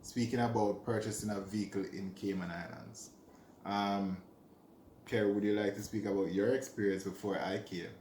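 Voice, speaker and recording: A man's voice: lowish voice, moderate pace, reverberant, a little hiss or hum. A man with a Jamaican accent chatting casually in easygoing banter with his partner. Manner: easygoing banter, lively when quoting people. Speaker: vlogger. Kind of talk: casual chat.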